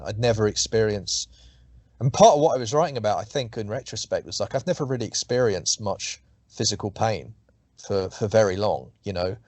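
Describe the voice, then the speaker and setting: Chatting casually in an interview, a middle-aged man talks over his writing, meandering, using profanity, and restarting lines. His voice is lowish and slightly mellow, captured in a dry recording.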